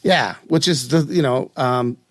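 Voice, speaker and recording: A podcast host from West Virginia leads a casual chat in a medium-pitched male voice with no echo. He speaks unhurriedly but rambles, keeps things chatty, and often cuts himself off to restart sentences.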